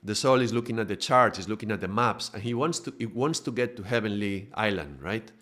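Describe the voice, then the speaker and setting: A man's voice: fairly low pitch, animated, fairly quick, fairly bright tone. Chatty man teaching with tag questions. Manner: conversational, restarts, frequent tag questions. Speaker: spiritual teacher. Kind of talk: informal spiritual lesson.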